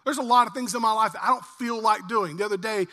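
A man in his forties, a pastor preaching a sermon in earnest, swelling louder on lists and slowing on key lines. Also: high-pitched. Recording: long reverb of a church hall.

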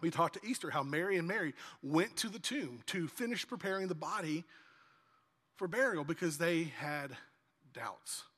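A man preaching a sermon as pastor, animated and acting out dialogue in lively asides, in a church hall. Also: a little high, normal speed.

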